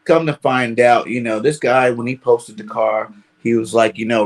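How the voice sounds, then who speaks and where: A man's voice: medium pitch, steady tone, normal speed. A man telling a long personal story in casual talk, constantly filling with "you know". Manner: rambling, fills with "you know". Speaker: caller.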